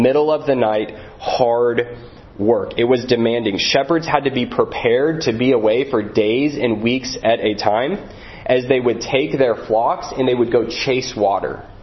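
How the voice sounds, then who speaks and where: A man's voice: medium pitch, lo-fi sound. A man preaching a sermon as a pastor, earnest and repeating phrases for emphasis.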